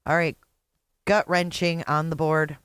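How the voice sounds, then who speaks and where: A woman's voice: low voice, flat delivery, a little slow, smooth, no room sound, clean studio sound. A middle-aged woman hosting a reaction video, blunt and sarcastic, swearing freely as she comments. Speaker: YouTube host reacting to a clip.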